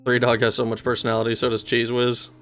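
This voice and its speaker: With completely flat delivery, a man speaks fast in a medium-pitched, fairly bright voice while faint music plays behind him. He's streaming a retro role-playing game, swearing heavily, getting easily frustrated, and responding to his chat.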